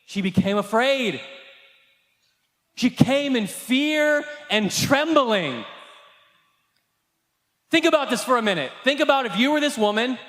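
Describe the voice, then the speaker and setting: High-voiced man preaching in an echoing hall. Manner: impassioned preaching with shouted emphasis. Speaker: pastor. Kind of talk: sermon. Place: church service. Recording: echoey hall reverb.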